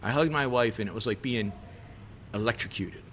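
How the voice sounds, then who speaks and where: A man, a chef and podcast guest, telling a story in casual chat, animated and swearing, with lots of fillers. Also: lowish voice, fairly quick, slight background noise.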